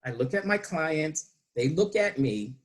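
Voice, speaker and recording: A man giving a prepared humorous speech to his club over a video call, telling a story with slow dramatic pauses. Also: fairly high pitch, animated. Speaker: club speaker.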